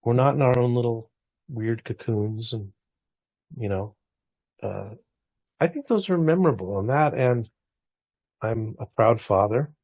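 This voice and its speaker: A man's voice: medium pitch, measured pace, pauses often, dry recording, dull audio. A man in his forties talking reflectively in a casual conversation, full of restarts and small asides. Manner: reflective, warm storytelling with frequent restarts.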